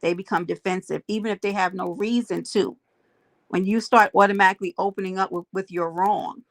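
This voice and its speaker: Her mid-range voice stays steady and brisk as she hosts a laid-back stream, saying hello to viewers by name. She makes forceful points to her chat with preachy asides, recorded with no room sound.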